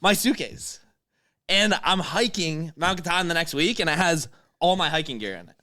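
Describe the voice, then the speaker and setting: A man in his twenties telling a story in casual chat, animated, swearing and laughing as he goes. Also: on the high side, brisk. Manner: animated, swears often, laughs mid-sentence.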